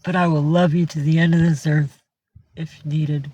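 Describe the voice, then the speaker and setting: A teary woman chatting casually with viewers on a livestream from home, cooing softly in baby talk to her cat. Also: deep voice, flat delivery, moderate pace, husky.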